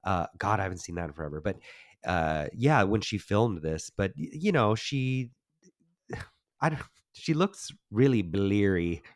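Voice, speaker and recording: A man's voice: on the low side, lively intonation, unhurried, dry recording, clean studio sound. A man co-hosting a casual film review podcast, talking in an easygoing, knowledgeable way with wry asides. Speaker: podcast co-host.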